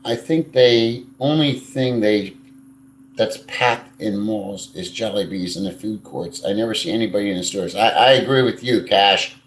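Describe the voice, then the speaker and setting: A man's voice: lowish voice, normal speed, a little hiss or hum. Blunt, crude man in an echoey room. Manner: blunt and crude, swears freely, rambling. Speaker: live stream host. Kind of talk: casual live stream chat, reading viewer comments.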